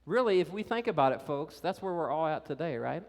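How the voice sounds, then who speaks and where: A pastor preaching a sermon in a conversational, animated way, talking directly to the kids and teenagers in the congregation. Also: male voice, a little high, a little fast. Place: church. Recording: reverberant church hall.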